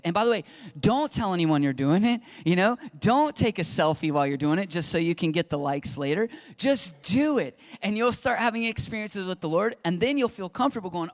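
Here a fortyish man with a high, fairly fast voice gives an earnest, lively talk on faith and parenting in an informal sermon style. As a Christian speaker on parenting, he dramatizes the quotes he brings up.

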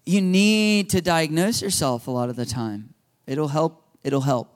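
A man's voice: fairly high pitch, measured pace. A man in his thirties preaching a sermon in a conversational way, repeating himself and laughing now and then. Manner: conversational, repetitive, laughing asides. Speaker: pastor.

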